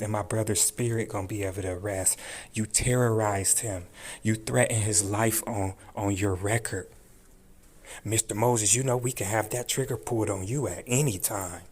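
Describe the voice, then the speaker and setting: A man hosting a commentary video, ranting in a furious, profane and taunting way, repeating his threats over and over. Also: fairly low pitch. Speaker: channel host.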